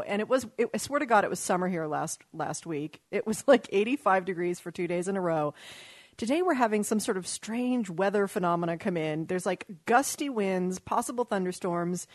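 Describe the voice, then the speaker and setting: A woman's voice: mid-range voice, no echo. A woman hosting a talk radio show in a Los Angeles studio, rambling in an exasperated, casual way and swearing freely.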